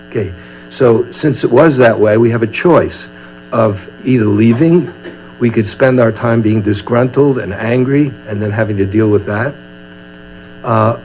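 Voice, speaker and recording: An older man from Brooklyn, USA, a meditation teacher, gives a chatty, humorous dharma talk and acts out little scenes. His medium-pitched voice is a little mellow. The audio is poor, with a faint mains hum.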